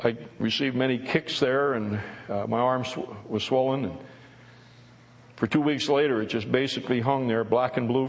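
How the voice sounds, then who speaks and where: An older man, a former prisoner of war, giving an earnest, reflective spoken testimony at a church service, with halting restarts. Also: medium pitch. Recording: long reverb of a large hall.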